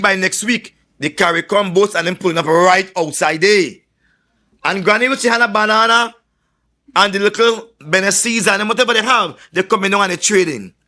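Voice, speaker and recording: A man with a Trinidad and Tobago accent giving a political rally speech, telling boastful stories in a forceful way and often stumbling over his words before starting again. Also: high-pitched, moderate pace. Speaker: political candidate.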